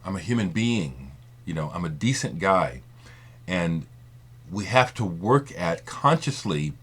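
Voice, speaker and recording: A man with a lowish voice delivers an impassioned monologue to camera. His pitch swings widely as he stresses and repeats his points. He rambles and swears for emphasis. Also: fairly bright tone. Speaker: vinyl community video maker.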